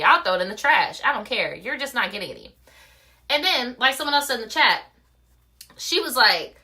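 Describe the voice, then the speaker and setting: A woman's voice: mid-range voice, pushed and bright, low-quality recording. A young woman ranting on a livestream, telling a story in blunt, profane words and acting out the quotes. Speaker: vlogger. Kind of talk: casual livestream rant.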